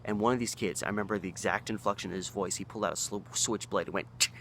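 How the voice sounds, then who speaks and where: A man in his thirties from Oregon with a lowish voice tells a story casually. He rambles, restarts his sentences and acts out what others said. A faint hiss sits under the recording. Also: fairly even intonation, very fast, a bit bright. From Oregon, USA. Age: 30s. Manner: rambling, with frequent restarts and acted-out quotes. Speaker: local history storyteller.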